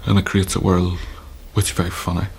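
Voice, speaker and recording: An Irish man recalling his time as a hostage in a measured, storytelling interview with wry humour. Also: low-pitched, little pitch movement, gravelly, slight background noise. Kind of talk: reflective interview recollection.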